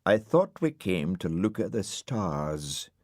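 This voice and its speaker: A man's voice: deep voice, very animated, a little slow, no room sound, clean studio sound, heavily acted. A man voicing a grumpy, pompous male dog in a storybook, sulky and indignant. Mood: huffy. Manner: indignant, sulky, grandly aggrieved. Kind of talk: audiobook character voice.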